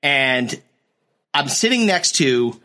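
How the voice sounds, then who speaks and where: Bright-voiced man telling a profane story. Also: medium pitch, slow pace. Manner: animated, profane, acts out other people's voices. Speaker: podcast co-host telling a travel story. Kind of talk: casual storytelling chat.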